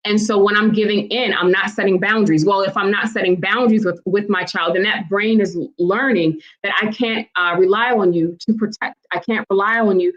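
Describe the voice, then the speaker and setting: A woman's voice: medium pitch, steady tone, brisk, few pauses. Woman teaching parents on a live stream, chatty, keeps asking viewers to chime in, kinda muffled lo-fi sound. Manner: conversational, asks the audience for responses. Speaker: host and parenting educator.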